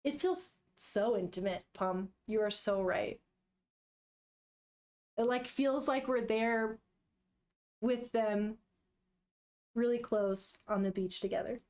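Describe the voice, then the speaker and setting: A woman's voice: on the high side, slow pace, long pauses, a little mellow. A woman vlogger chatting casually and gushing emotionally as she reads a manga aloud. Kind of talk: casual reading vlog.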